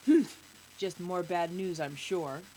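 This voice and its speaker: A woman voicing a cranky old man who grumbles slowly, in a children's storybook reading. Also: lowish voice, warm tone, slight background noise, low-quality recording. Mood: grumpy. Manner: gruff, grumbling, slow.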